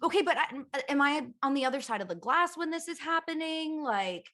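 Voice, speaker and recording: A Canadian woman talking over a video call, her voice pitched a touch high and swinging widely as she jokes about herself. She laughs often and jumps between teasing and mock panic. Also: a little fast, a loud crowd. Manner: animated, laughing, self-mocking. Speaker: guest. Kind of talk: casual comedic chat on a video call.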